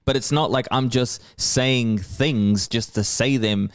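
A man's voice: mid-range voice, slow pace, smooth, no echo, clean studio sound. A man, talking brashly as a podcast guest, swearing freely and laughing often. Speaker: podcast guest, rapper and comedian. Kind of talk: casual podcast conversation.

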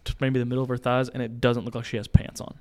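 A young man, a podcast co-host, casually telling a story in a small home studio, animated, acting out voices and laughing. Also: medium pitch, fast talker. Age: young adult.

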